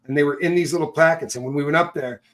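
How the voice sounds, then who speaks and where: Animated storytelling man, higher voice. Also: racing. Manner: animated, laughs through his stories. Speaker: former prisoner telling stories. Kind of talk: casual storytelling chat.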